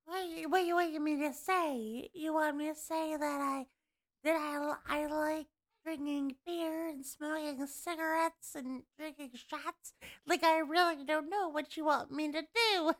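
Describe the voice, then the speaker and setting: A woman putting on a ditzy, airheaded blonde young woman's voice with a Southern accent, high and sucked-in, talking slowly and dimly. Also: steady tone. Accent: American Southern. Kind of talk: casual chat.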